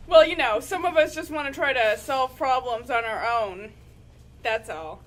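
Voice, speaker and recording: A woman's voice: high-pitched, normal speed, rough recording. A woman at a tabletop game, bantering and teasing in casual table talk. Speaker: player.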